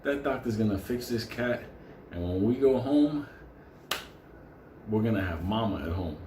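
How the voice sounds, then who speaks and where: A man playing his lovestruck friend, a sly, smooth-talking schemer. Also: lowish voice, lively intonation, a little slow, echoey room, background noise. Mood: scheming.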